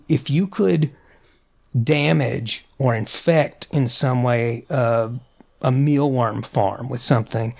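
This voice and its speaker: A man co-hosting a podcast, chatting in an animated, opinionated way with frequent restarts. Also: mid-range voice, vocal fry. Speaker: podcast co-host. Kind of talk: casual podcast chat.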